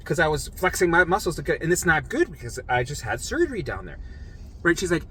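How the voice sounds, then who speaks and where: A man recounting his own ordeal in a casual, animated monologue, his voice bright and forceful. He acts out the voices of the people around him and keeps pulling the listener in with "right?". A faint wash of background noise sits under the recording. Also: a little high, fast, rough recording. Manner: animated, acts out quoted voices, swears freely; frequent "right?" check-ins to listener. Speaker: vlogger sharing recovery story.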